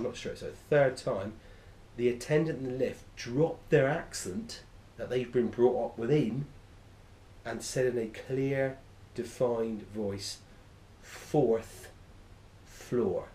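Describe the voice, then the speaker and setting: A man's voice: medium pitch, darkish tone, a little hiss or hum. A man delivers a lecture in an echoey room. His voice sits in a middle register, and he rambles eagerly, stopping to correct and restate himself as he goes. He sounds like a teacher in front of a class. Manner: enthusiastic, rambling, self-correcting.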